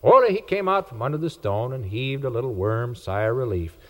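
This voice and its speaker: Folksy and rural in flavor, a 1940s-style children's story is told by a man with a mid-range voice at a fairly quick pace, with lively character voices. The recording sounds like an old record backed by music.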